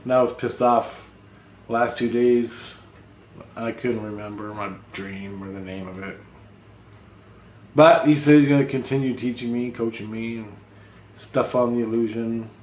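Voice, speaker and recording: Male vlogger, mid pitch, blunt and rambling, casual update, echoey room. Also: fairly even intonation, a little slow, pauses often, darkish tone, slight background noise. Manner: rambling, blunt, swears freely. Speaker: spiritual vlogger. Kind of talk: casual spoken video update.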